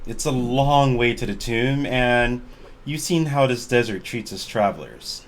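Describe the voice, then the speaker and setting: A man voicing a wealthy, oddly energetic young woman archaeologist in a tabletop game, talking bluntly and brightly. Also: mid-range voice, a little hiss or hum, lightly acted. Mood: chipper. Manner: bubbly, blunt, fast-talking.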